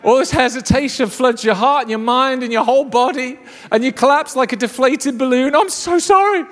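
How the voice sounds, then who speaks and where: A man preaching a lively, jokey sermon to a live congregation. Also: very high voice, a little fast. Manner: enthusiastic, jokey storyteller. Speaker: pastor. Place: church hall with a live congregation. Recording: long reverb of a large hall.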